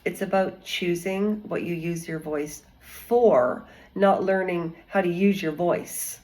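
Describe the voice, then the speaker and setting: Woman vlogger, slow and rambling, chatty and digressive. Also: lowish voice, darkish tone, rough recording. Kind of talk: casual commentary vlog.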